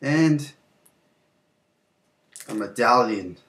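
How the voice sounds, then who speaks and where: A man's voice: mid-range voice, lively intonation, very slow, fairly bright tone. A young man hosting a casual video, showing off games from his collection in a loose, rambling way with fillers and some mild swearing. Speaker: channel host. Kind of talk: casual game collection show-and-tell.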